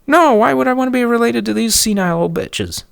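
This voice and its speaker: A man's voice: very high-pitched, animated, brisk, vocal fry, smooth, no room sound, clean studio sound, voice pushed up, heavily acted. A man voicing a furious, bossy heavyset woman neighbor who screams insults.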